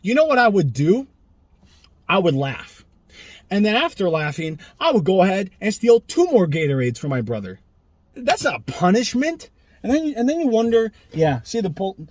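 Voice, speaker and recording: A young man ranting sarcastically in an animated vlog monologue, filming himself outdoors near a street. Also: high-pitched, normal speed, no echo. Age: young adult. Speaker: vlogger. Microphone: camera he films himself with.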